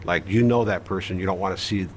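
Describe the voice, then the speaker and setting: A man's voice: low-pitched, fast talker, slight background noise. A man telling a story in an interview, blunt and matter-of-fact, with casual swearing and many fillers. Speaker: interview guest recounting his past. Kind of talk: conversational storytelling.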